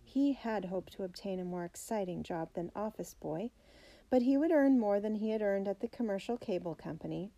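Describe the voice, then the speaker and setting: A woman reads a children's biography aloud in a steady, clear way. Her voice is mellow and dark, with a middle pitch. It is a calm storybook narration. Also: moderate pace, highs cut off. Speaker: audiobook reader.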